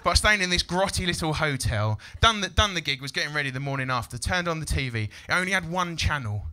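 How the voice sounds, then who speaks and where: A man doing a stand-up set in a comedy club, cheeky and animated, shouting out his punchlines. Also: on the high side, fast talker.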